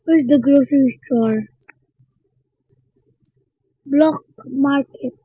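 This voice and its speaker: A woman's voice: high-pitched, extremely slow, dark tone, no echo. A woman giving casual, playful gameplay commentary and chatting to her viewers. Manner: chatty, talks to viewers as "guys". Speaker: gameplay streamer. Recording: dull lo-fi sound.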